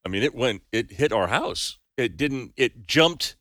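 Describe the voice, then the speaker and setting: A man's voice: mid-range voice, animated, a little slow, a bit bright, dry recording, studio quality. A man co-hosting a casual talk show, chatty and joking, with many restarts as he tells stories and reads out news. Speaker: news segment host.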